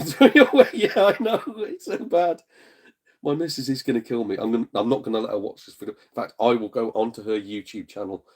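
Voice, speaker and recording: A man's voice: lowish voice, a little mellow. Chatty man on a home live stream. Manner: chatty, blunt, jokey, swears, puts on voices in retold exchanges. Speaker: streamer and gaming channel host. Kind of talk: casual live-stream chat reading viewer comments. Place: at home in a front room.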